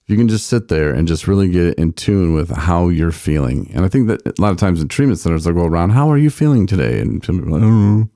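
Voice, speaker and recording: Deep gravelly man musing in recovery talk. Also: quick pace, few pauses, dark tone, no room sound, studio quality. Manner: reflective, repeats words while thinking. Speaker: podcast co-host. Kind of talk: casual recovery podcast chat.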